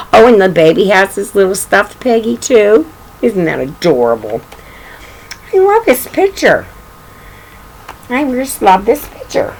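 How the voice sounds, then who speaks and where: A woman's voice: medium pitch, sing-song, takes it slowly, pauses often, breathy edge, rough recording. An older woman reading a picture book aloud to children, chatting affectionately and pointing out the pictures. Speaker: story reader.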